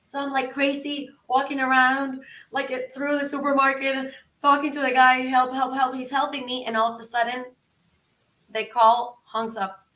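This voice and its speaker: Woman guest, high, sharp voice, acts out dialogue, roomy sound from a distance. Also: little pitch movement, moderate pace. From Venezuela. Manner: acts out both sides of conversations, exclaims. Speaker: podcast guest. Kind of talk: animated storytelling.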